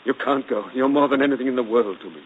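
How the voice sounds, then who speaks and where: Actor doing a tormented brooding gentleman, ardent and intense, old radio play, muffled and hissy. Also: mid-range voice, quick pace, close to an everyday voice. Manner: ardent, intense, breaks to a hushed plea. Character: brooding gentleman employer Rochester, passionate and tormented. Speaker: radio drama lead. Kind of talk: 1940s radio acting. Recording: muffled noisy 1940s radio broadcast.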